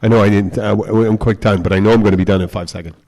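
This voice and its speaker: A man's voice: on the low side, steady tone, very fast, a little mellow. A man hosting a podcast, casually telling a rambling, profane story about working in a bar. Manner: profane, rambling anecdotes with acted quotes. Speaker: podcast host, bartender.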